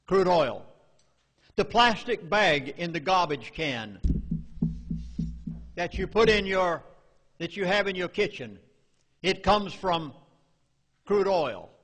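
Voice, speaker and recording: A man's voice: high-pitched, fairly bright tone. A man with a Southern US accent giving an urgent, emphatic public lecture to a live audience. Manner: emphatic, urgent, dramatic warnings. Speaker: public speaker. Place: meeting hall. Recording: echoey hall reverb.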